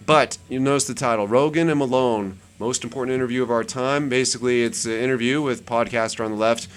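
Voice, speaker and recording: A man's voice: medium pitch, fast talker. A man hosting his channel, chatting casually while scrolling through web pages, rambling and repeating words for emphasis. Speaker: channel host. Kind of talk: casual screen-share commentary.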